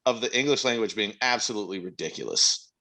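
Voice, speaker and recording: A man co-hosting a casual podcast, wry and quick with comebacks, often laughing. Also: fairly low pitch, pushed and bright. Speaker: podcast co-host.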